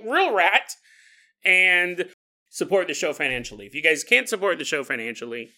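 Guy hosting a podcast, high bright voice bouncing all over, jokey and laughing a lot. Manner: playful, joking, laughs often. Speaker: podcast host. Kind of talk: comedic storytelling monologue.

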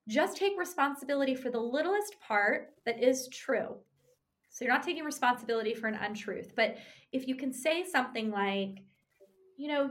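Animated woman explaining in a conversational way. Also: on the high side. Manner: conversational, animated, frequent tag "right?". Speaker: relationship therapist. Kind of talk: explanatory talk on couples communication.

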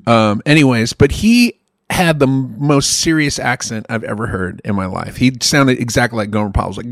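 A man co-hosting a podcast who tells rambling, profane, animated stories in casual chat. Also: mid-range voice, normal speed, vocal fry, dry recording, studio quality. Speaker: podcast co-host.

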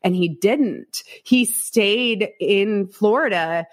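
Frank, animated woman telling her story. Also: mid-range voice, takes it slowly. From Iowa, United States. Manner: frank, animated, acts out quotes, swears, laughs often. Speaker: podcast guest. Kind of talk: candid storytelling interview.

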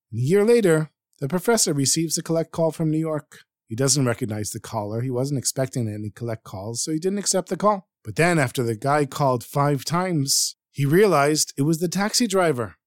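A man narrating a story in an earnest, expressive storytelling manner. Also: mid-range voice, no room sound, studio quality.

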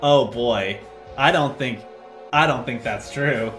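A man co-hosting a casual let's-play, chatting in an animated way, swearing and laughing often. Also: medium pitch, slow, soft background music. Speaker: game co-host.

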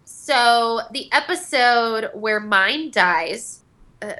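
Young woman voice actress rambling on a panel, lots of um and like, bright tone. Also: a little high, expressive, very slow. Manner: rambling, giggly storytelling with many fillers. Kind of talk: casual convention panel talk.

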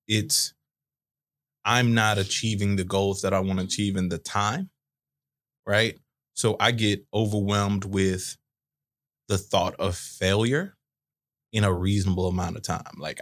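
A man's voice: lowish voice, fairly bright tone. A man in his thirties co-hosting a casual podcast, explaining his points with analogies. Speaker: podcast co-host. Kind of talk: casual chat.

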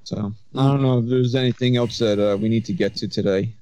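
A man's voice: mid-range voice, steady tone, brisk, dark tone, no room sound. A man co-hosting a podcast, telling stories in a rambling casual way. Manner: rambling storyteller, many restarts. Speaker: podcast co-host.

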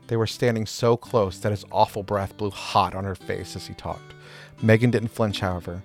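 A man narrating a story chapter in a steady, measured reading voice. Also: lowish voice, vocal fry. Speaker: audiobook narrator. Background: faint guitar music.

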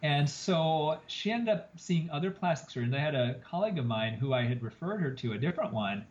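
A man who is a plastic surgeon, telling an animated story as a guest on a podcast interview. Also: on the high side, brisk. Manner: animated storyteller, acts out quoted lines. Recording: roomy, slightly dull podcast audio.

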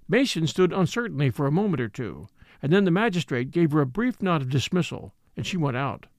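A man narrating a mystery novel in expressive scripted narration. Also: on the high side, creaky, dry recording, clean studio sound. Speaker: audiobook narrator.

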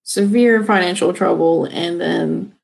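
A woman's voice: fairly low pitch, unhurried, gravelly, a little mellow, poor audio. A woman co-hosting a casual podcast chat, making blunt, dry remarks. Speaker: podcast co-host.

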